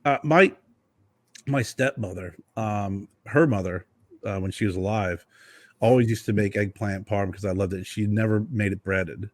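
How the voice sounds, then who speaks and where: A man co-hosting a casual podcast, telling animated stories and peppering his speech with mild swearing. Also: fairly low pitch, normal speed, dry recording. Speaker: podcast co-host. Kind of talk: casual chat.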